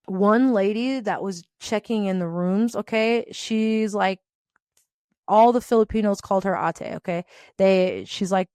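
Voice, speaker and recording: A woman in her thirties hosting a podcast, telling a work story in a loud, animated way and acting out the other people in it. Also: mid-range voice, clear, resonant tone, no echo, clean studio sound. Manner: loud, animated, acts out quoted voices. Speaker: podcast host. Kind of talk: casual storytelling rant.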